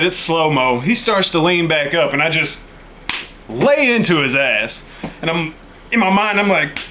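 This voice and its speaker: A young man telling a profane, animated story, jumping into loud quoted voices. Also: a little high. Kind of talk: casual storytelling.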